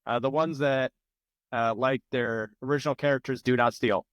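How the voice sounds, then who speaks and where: A man's voice: medium pitch, fairly even intonation, moderate pace, dry recording. A man hosting an online trivia night from his home, reading out answers with loose, joking, sometimes profane asides. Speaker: trivia host. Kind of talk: casual live-stream trivia hosting. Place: home room with a large plant behind him.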